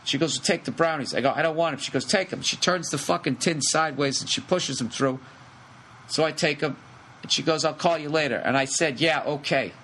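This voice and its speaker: A middle-aged man tells a long comic story on his podcast, swearing freely and talking in quick, animated bursts. His voice sits a little high for a man. A faint hiss runs under the recording. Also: rough recording. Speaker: podcast host. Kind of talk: rambling comedic storytelling. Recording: faint background noise.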